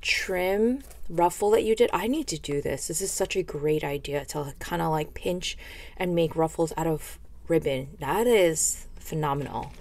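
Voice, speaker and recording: A woman's voice: low-pitched, unhurried. Gushing woman unboxing craft mail. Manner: gushing, excitable, rambling. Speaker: craft video host. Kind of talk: casual unboxing chat.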